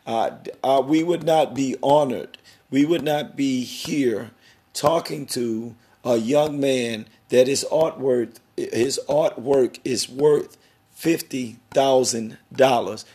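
A man's voice: mid-range voice, takes it slowly, mellow. A middle-aged man hosting a podcast interview, talking in an emphatic, preachy, rambling way about worth and family. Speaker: podcast host.

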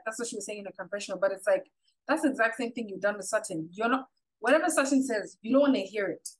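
A woman co-hosting a podcast in casual chat, animated and quick to mimic others. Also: medium pitch, slightly rough, poor audio. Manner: animated, quotes people in mocking voices. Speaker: podcast co-host.

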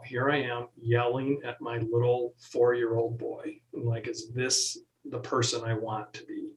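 A middle-aged man talking slowly and reflectively as an interview guest, often pausing and restarting his sentences. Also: mid-range voice, poor audio. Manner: halting, searching, many restarts.

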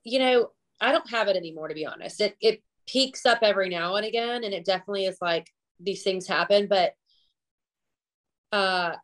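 A woman's voice: medium pitch, brisk, fairly bright tone. A woman with a Southern US accent from the Gulf South, a chef chatting candidly as a podcast guest and laughing often. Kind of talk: casual interview chat.

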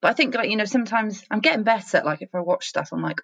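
A woman's voice: mid-range voice, rapid-fire, hardly any pauses, breathy edge, lo-fi sound. A Welsh woman from South Wales, co-hosting a podcast in chatty, playful casual conversation. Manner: chatty, animated, playful teasing. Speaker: podcast co-host. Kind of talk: casual chat.

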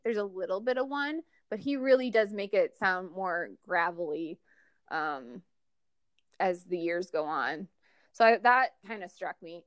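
A woman's voice: mid-range voice, clean tone, no room sound. Chatty woman podcast host, dry mic. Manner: chatty, animated, full of fillers and restarts. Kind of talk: casual fan podcast chat about a TV show.

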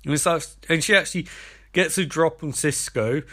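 Sarcastic guy rambling thru a tv episode recap, bright voice, kinda high. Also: normal speed. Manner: sarcastic, rambling, acts out the characters' lines. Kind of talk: casual comedic episode recap.

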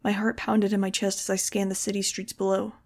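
A woman reading a novel aloud in the first person, with steady, expressive storytelling. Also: medium pitch, a little fast, vocal fry. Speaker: audiobook reader.

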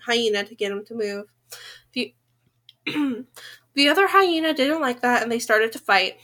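A woman with a high, bright voice reads a novel aloud in a relaxed, chatty way. She keeps drifting off the page into animated, rambling asides before picking the story back up. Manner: animated, breaks off into rambling side comments. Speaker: reader of a novel.

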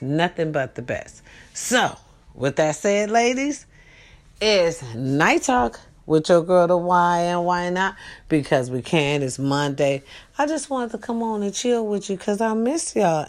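Brief: young woman host, casual night chat, animated and teasing, streetwise tone. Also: fairly low pitch.

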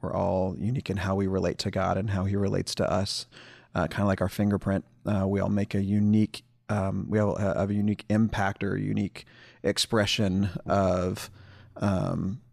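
Low gravelly guy on a podcast, lots of ums, talks in circles. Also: little pitch movement, moderate pace, a little mellow. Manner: rambling, many ums and restarts. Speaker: podcast co-host. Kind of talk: casual podcast chat.

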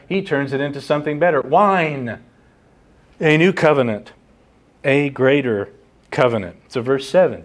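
A man preaching an expository sermon, teaching earnestly and repeating key phrases for emphasis. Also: mid-range voice. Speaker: pastor.

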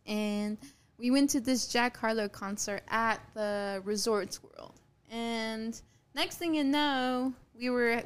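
A woman's voice: on the high side, clean tone. A young woman in her twenties, a podcast guest, telling a story in casual, crude talk, swearing freely and acting out what people said. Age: 20s. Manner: crude, swearing, acts out quotes.

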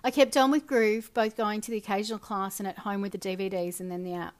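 Woman, dance facilitator, reflective personal narration, earnest and gentle. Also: medium pitch, steady tone, fast talker. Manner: soft, earnest, drops quiet at phrase ends.

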